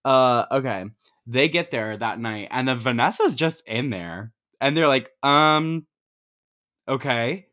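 In an unhurried, animated way, this podcast co-host walks through a movie scene by scene with slang and profanity, voicing the characters' quoted lines. His mid-range voice has a fairly bright tone.

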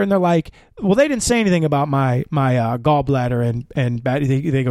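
A man's voice: mid-range voice, a little fast, no room sound. Guy swearing thru a crazy story, doing everyone's lines, dead dry mic. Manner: profane, animated storyteller acting out quotes. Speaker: guest. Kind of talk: casual storytelling chat.

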